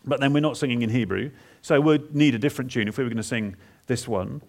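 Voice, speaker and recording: Gravelly-voiced preacher, dramatic and halting. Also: male voice, medium pitch. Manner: dramatic first-person retelling of a psalm; halting, repeats words for emphasis. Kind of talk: expository sermon.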